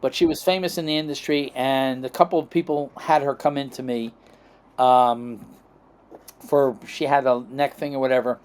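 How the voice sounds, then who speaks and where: A middle-aged American man with a mid-range, darkish voice speaks at a normal speed with fairly even intonation. He's a chiropractic guest on a podcast, telling long, rambling anecdotes, acting out quoted dialogue and checking in with "okay?" and "right?"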